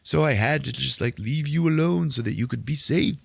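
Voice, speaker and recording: A man's voice: medium pitch, brisk, gravelly, slightly rough, no echo, pitched above the performer's own voice. A man voicing an aging, paranoid male rebel leader in a strained, raised voice while retelling a film on a podcast. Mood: agitated.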